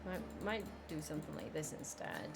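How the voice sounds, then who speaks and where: A woman's voice: sits low, sing-song, normal speed, creaky, over loud music. A woman streaming a zoo-building game live, chatting, exclaiming in frustration, laughing and thanking viewers by name. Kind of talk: live gameplay stream chat.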